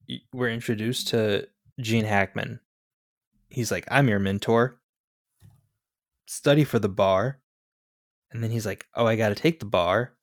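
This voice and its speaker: A man chats about a film with his co-host, loose and jokey, leaning on fillers as he goes. His voice is mid-pitched and sounds close and dry. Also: dry recording. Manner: chatty, jokey, hedging with fillers. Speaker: podcast co-host. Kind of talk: casual movie discussion.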